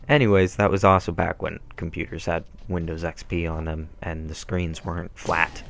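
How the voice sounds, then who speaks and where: A man's voice: low-pitched, little pitch movement, moderate pace, creaky. A young man rambling through casual, self-deprecating let's-play commentary. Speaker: gameplay commentator. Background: faint game music.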